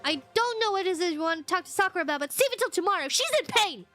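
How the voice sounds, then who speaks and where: Woman doing a peppy caring schoolgirl, high bright voice. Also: expressive, very fast, faint music behind, heavily acted. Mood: concerned.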